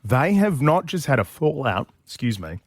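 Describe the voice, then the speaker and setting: Excitable radio host. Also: male voice, medium pitch, normal speed, no room sound, studio quality. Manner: excitable, laughing, animated storytelling. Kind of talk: breakfast radio chat.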